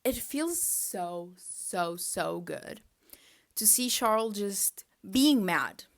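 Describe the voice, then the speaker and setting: A young woman vlogger chatting casually, an exasperated fan full of "like" and quick asides. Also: medium pitch. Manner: animated, exasperated fan ranting with lots of "like". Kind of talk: casual chat.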